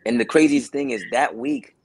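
A man speaking as an interview guest, telling a story in a casual, animated way and acting out what other people said. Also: on the high side, moderate pace, vocal fry, husky, no room sound.

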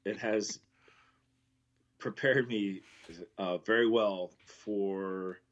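A man's voice: lowish voice, steady tone, extremely slow, dull audio. A male co-host in casual talk show chat, laid-back and easygoing, on a remote line.

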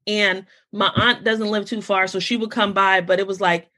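Young american woman hosting a podcast, chatty, animated storyteller. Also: medium pitch, normal speed. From United States. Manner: animated storytelling, quotes relatives in lively voices. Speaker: podcast host. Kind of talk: casual conversation.

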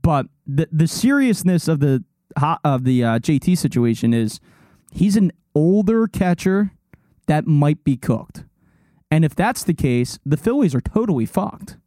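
A man's voice: on the high side, sing-song, a little slow, mellow, no room sound. Young man, podcast co-host, rambling, dry studio sound. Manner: rambling, laughs often, mocking put-on voices. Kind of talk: casual sports and music chat.

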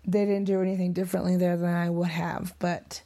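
Gravelly, emotional middle-aged woman. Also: lowish voice, little pitch movement, a little fast, mellow. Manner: rambling, emotional, drops into whispers. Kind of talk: emotional vlog monologue.

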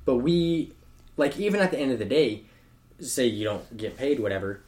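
A man's voice: medium pitch, lively intonation, moderate pace, a little mellow. A young man co-hosting a podcast, chatting casually in a laid-back, slangy way and laughing often. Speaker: podcast co-host. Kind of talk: casual chat.

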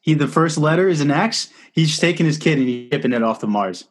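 A man's voice: on the high side, expressive, fairly quick. A young man hosting a casual podcast chat, rambling with lots of fillers and frequent laughs. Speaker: podcast host.

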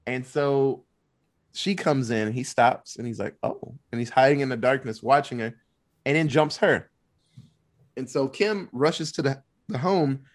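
A man in casual chat retelling a movie plot, animated and loose, swearing freely. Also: mid-range voice. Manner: animated, swearing, quick asides.

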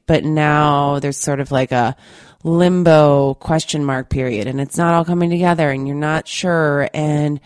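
A woman with a low voice hosts a podcast, speaking candidly and earnestly to her listeners. She still sounds a little stuffy from a recent cold. The recording is dry and close. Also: darkish tone, no room sound. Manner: candid and earnest, with many fillers. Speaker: podcast host. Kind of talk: casual monologue to listeners.

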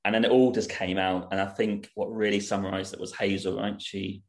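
A man's voice: fairly low pitch, fairly quick, gravelly. A man hosting a travel podcast, chatting casually with a guest and using many "like" and "um" fillers. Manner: relaxed, chatty, with frequent "like" and "um". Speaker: podcast host. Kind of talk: casual interview chat.

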